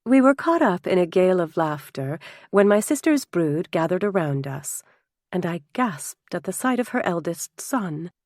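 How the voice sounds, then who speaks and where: A woman narrating a novel in first person, measured and heartfelt, close to the mic. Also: fairly low pitch, very animated, a little mellow, no room sound. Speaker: audiobook narrator. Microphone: close studio mic.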